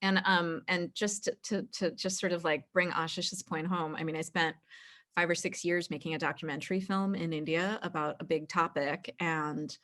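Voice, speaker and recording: A woman filmmaker moderating a festival Q&A over a video call, encouraging and filling pauses with ums. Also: fairly low pitch, steady tone. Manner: warm, encouraging, many ums.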